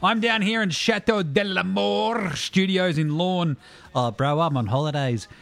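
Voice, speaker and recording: A man's voice: high voice, unhurried, vocal fry, a bit bright, no room sound. An Australian man in his thirties co-hosting a casual podcast, joking and swearing loosely, recorded on a phone in a small room. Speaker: podcast co-host.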